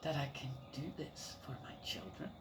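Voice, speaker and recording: Speaking at an extremely low pitch, this grandmother tells rambling, warm stories about family life in a casual chat. Her delivery is lively and moderately paced, full of laughter and repeated fillers, and background noise is audible.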